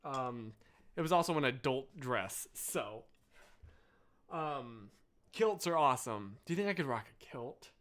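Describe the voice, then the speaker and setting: A man's voice: mid-range voice, animated, a little slow, a bit bright. A young American man hosting a live stream, chatting casually with viewers and wandering off on tangents. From United States. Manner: rambling, self-interrupting, apologetic asides. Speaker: livestream host.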